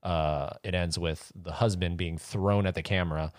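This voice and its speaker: In a casual chat about horror movies, a man with a low, steady voice rambles through a scene at a moderate pace, acting out the characters' voices. The sound is clean studio audio with no room sound.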